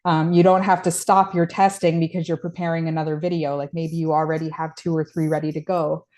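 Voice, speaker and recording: A woman's voice: sits low, level tone, a little fast, a little mellow. A woman being interviewed, talking in a casual, conversational way with many fillers. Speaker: guest.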